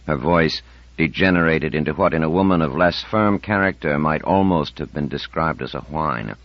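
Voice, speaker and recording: A man reads an audiobook in a measured, even way. His voice is very deep. The recording is dry and somewhat dull. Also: no room sound. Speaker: audiobook narrator. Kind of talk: scripted narration.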